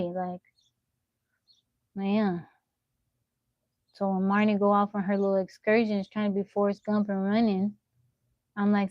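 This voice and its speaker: A young woman live-streaming from her phone, telling animated stories to her chat and laughing often. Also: mid-range voice, unhurried, long pauses, no echo, highs cut off. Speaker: livestreamer.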